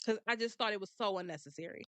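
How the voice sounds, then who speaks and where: A woman's voice: medium pitch, very fast, fairly bright tone, clear, resonant tone, dry recording. A woman giving blunt, sassy commentary on a trial, laughing often. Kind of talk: casual commentary.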